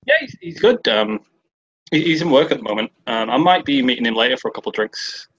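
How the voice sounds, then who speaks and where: A man's voice: mid-range voice, animated, fast, a bit bright, husky, dry recording, muffled recording. A young man with a British accent, hosting a stream from a bedroom and chatting casually, sweary and rambling. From Britain. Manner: sweary, rambling, laughs at himself. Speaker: stream host. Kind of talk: casual chat. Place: sister's bedroom.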